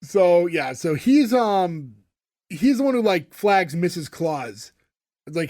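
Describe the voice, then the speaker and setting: A man's voice: sits high, very animated, slow pace, darkish tone. A man co-hosting a podcast, recapping an episode in casual chat with lots of fillers and laughs. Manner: rambling, filler-heavy, laughs often. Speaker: podcast co-host.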